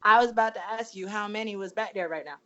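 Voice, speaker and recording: A woman's voice: medium pitch, fast talker, sharp tone, muffled recording. A woman from the US, a wrestler guest on a podcast, joking playfully and laughing a lot. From USA. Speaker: wrestler and ring announcer guest. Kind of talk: casual interview chat.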